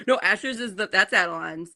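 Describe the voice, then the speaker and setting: Cheerful forties woman co-host, animated storyteller, mid pitch. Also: a little slow. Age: 40s. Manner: animated storyteller, laughs often. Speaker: morning show co-host. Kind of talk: casual chat.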